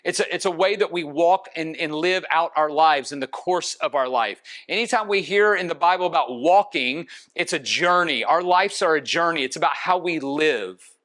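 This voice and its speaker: The speaker is a pastor preaching earnestly in a high, fairly bright voice. His sermon builds steadily, and he draws out the words he most wants his listeners to catch by slowing down.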